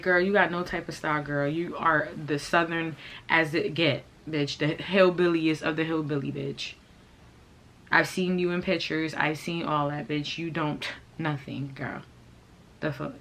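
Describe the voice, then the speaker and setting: A young woman telling a storytime vlog story in a brash, profane way, swinging into loud, animated outbursts. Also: sits low, a little hiss or hum. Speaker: storyteller vlogger. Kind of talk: casual storytime rant.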